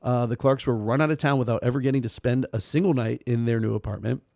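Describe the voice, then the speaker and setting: A man co-hosting a true-crime podcast, reading out the case in casual chat with dark, sarcastic humor, frequent laughter and swearing. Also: mid-range voice, fast talker, gravelly, dry recording, clean studio sound.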